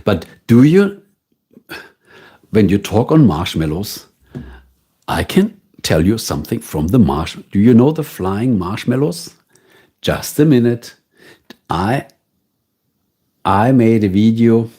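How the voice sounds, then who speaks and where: A man's voice: lowish voice, sing-song, slow, long pauses, mellow, slightly rough. A man with a German accent, a native German speaker, chatting casually with viewers as a livestream host and answering their questions.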